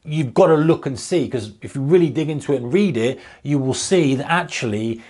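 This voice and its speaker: A man's voice: medium pitch, lively intonation, brisk, a little mellow. A man with a British accent, a trading educator, talking viewers through a topic in a casual, emphatic, direct way. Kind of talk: casual explainer to camera.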